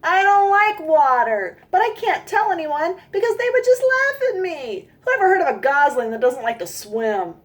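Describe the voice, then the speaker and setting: A woman's voice: very high-pitched, big pitch swings, moderate pace, hardly any pauses, pitched above the performer's own voice. A woman voicing a timid, dreamy little girl gosling in a storybook read-aloud, with a small, eager childlike voice. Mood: forlorn.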